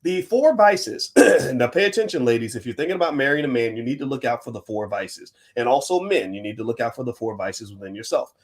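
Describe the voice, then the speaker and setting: A middle-aged man from the United States, hosting a livestream as a finance professor, talking in an emphatic, animated way that swings between loud and quiet. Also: medium pitch, brisk, few pauses. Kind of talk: livestream commentary.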